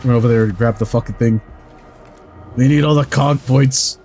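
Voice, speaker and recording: A man streaming a video game in casual chat, excitable, swearing freely and laughing often while he yells at the game. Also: mid-range voice, moderate pace, soft background music.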